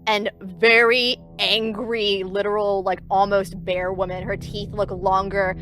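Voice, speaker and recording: A woman's voice: mid-range voice, level tone, measured pace. A woman playing a tabletop game, describing her character emphatically. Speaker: player. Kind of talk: tabletop role-play.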